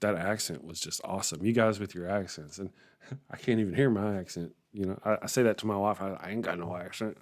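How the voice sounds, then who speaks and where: A man with a fairly low voice hosts a morning livestream, talking fairly quickly. He rambles casually through viewer comments, frequently chuckling and letting his sentences trail off.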